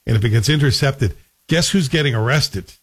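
A man's voice: mid-range voice, animated, fairly quick, a bit bright, breathy edge, no room sound. A man hosting a morning radio show, chatting and joking casually with his co-hosts. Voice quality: talkative, joking.

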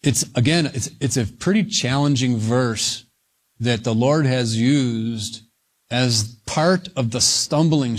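A man preaching a verse-by-verse Bible sermon, slow and deliberate, leaning hard on single words. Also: mid-range voice. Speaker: pastor.

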